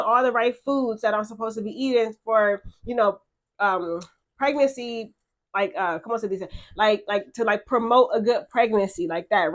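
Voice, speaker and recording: A young woman talking in a casual confessional vlog, chatty and emotional, full of fillers and repeated words, frank and blunt. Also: on the high side. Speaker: vlogger.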